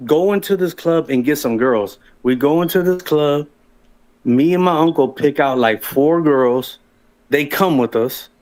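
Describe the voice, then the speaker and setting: A man telling his own story as a guest on a livestream, rambling and profane, with frequent restarts. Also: on the high side.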